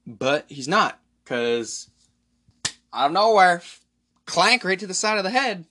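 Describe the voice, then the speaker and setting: A man hosting a solo podcast, rambling excitedly and profanely through a movie recap. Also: high voice, unhurried, long pauses. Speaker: podcast host.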